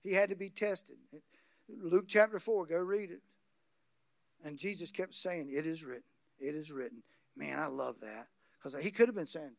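A male pastor preaching a sermon, swinging from quiet asides to loud, excited bursts. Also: high voice, a little fast, creaky, no echo, clean studio sound.

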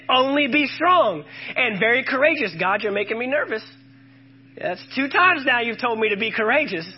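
Male preacher with a high voice, emphatic and call-and-response, on a muffled recording. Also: slightly rough. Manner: emphatic, calls out to the congregation and quotes scripture. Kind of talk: sermon.

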